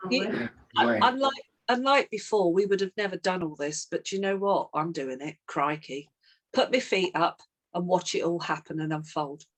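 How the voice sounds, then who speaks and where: A woman's voice: mid-range voice, fairly bright tone. A middle-aged woman leading a team coaching session, telling a sales story and acting out both sides of the call.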